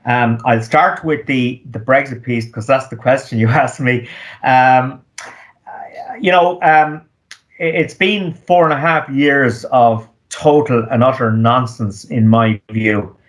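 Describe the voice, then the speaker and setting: A man, an economist, giving measured interview answers with frequent ums and restarts. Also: medium pitch, fairly even intonation. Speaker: economist guest.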